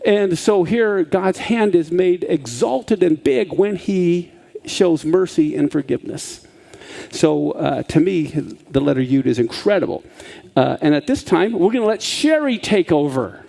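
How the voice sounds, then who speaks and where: A pastor teaching a Hebrew letter from scripture, often checking in with listeners and asking them questions. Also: male voice, sits high, animated, unhurried, creaky, dark tone. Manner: checks in with listeners with frequent "okay?"; asks the audience questions. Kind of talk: teaching a Bible-based Hebrew lesson.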